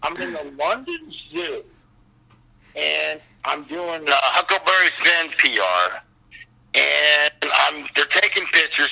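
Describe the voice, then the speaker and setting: A man talking as a guest, telling animated stories and acting out other people's voices. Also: a little high, creaky, breathy edge, poor audio. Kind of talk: animated anecdotal storytelling.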